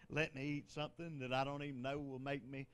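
A man's voice: medium pitch, a bit bright, clean tone. An older man, a bishop, preaching a sermon in a conversational way, with joking asides and laughter.

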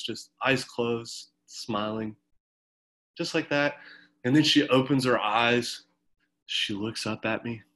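Bright, slow-talking male swim coach. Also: medium pitch, low-quality recording. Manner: encouraging, chatty instructions with fillers. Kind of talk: leading a home workout over video call. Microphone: video call.

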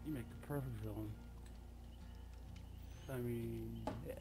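A man's voice: medium pitch, fairly even intonation, takes it slowly, over music. Laid-back man on voice chat. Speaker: fellow player on voice chat.

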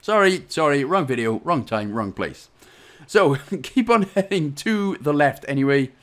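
A man's voice: on the high side, expressive, measured pace. A young Welsh man talking through a game walkthrough, giving step-by-step instructions broken up by jokey, rambling asides. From Wales. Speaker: game guide narrator. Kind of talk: commentary over gameplay walkthrough.

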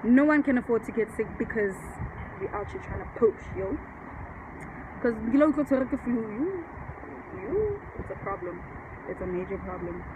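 A woman's voice: fairly high pitch, sing-song, normal speed, dull audio. Chatty upbeat young woman vlogging outdoors. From South Africa. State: nose blocked with flu. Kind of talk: casual vlog talk to camera. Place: outdoors on a sunny cold day. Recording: outdoor noise behind.

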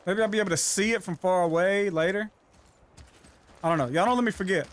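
A man streaming a live game, commenting loudly with lots of swearing and yelling during fights. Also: high voice, fairly quick. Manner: loud, profane, yells during fights. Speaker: gaming streamer.

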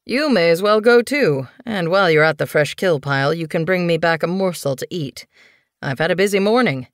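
A woman's voice: on the low side, animated, a little fast, no room sound, clean studio sound, lightly acted. A woman voicing Goosefeather, a plump, lazy older male medicine cat, bossy and self-satisfied.

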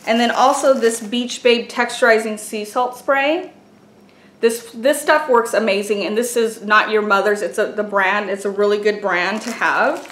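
A woman's voice: medium pitch, normal speed, fairly bright tone. Gushing woman unboxing in an echoey room. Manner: gushing, exclaims often over each item. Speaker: beauty and craft vlogger. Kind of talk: casual unboxing chat. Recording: echoey room with faint noise.

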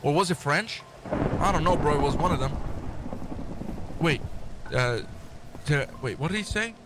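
Young male streamer, high-voiced, joking and excitable, game noise underneath. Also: normal speed. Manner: excitable, joking, mock-translating foreign phrases. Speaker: gaming streamer. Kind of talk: casual gaming chat.

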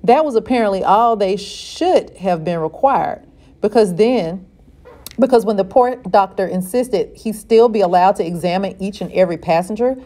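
A woman reading a novel aloud in a steady, measured way. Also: mid-range voice. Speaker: reader.

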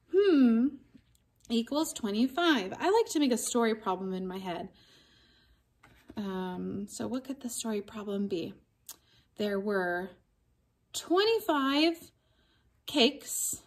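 Woman teacher, recorded kids' math lesson, slow, gentle, playful delivery. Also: fairly high pitch. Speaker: elementary school teacher.

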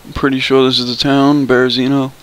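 A man's voice: mid-range voice, level tone, fast, clear, resonant tone, low-quality recording. A young man chatting loosely and swearing while he narrates his gameplay for viewers. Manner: loose, swearing, thinking aloud. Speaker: gameplay video creator. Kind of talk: casual gameplay commentary.

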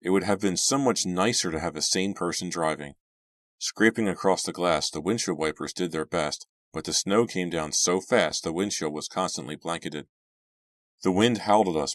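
A man narrating a horror novel as an audiobook, friendly and measured. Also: deep voice, dry recording. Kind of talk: reading a horror novel aloud.

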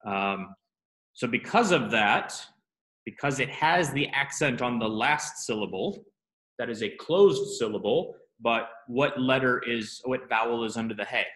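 A man's voice: mid-range voice, expressive, a little slow, fairly bright tone. Man teaching in a roomy classroom. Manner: explanatory, asks students questions.

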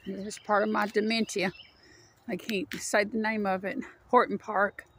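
A vlogger chats casually while walking her dog along a wooded park trail, sounding a little out of breath. Her mid-range voice is fairly bright but flat in delivery at a moderate pace as she rambles and talks sweetly to her dog. Slight background noise can be heard in this walking narration.

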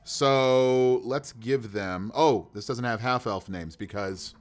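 A man live-streaming as game master, talking through character creation in a rambling, animated way with many fillers. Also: mid-range voice, takes it slowly, soft background music.

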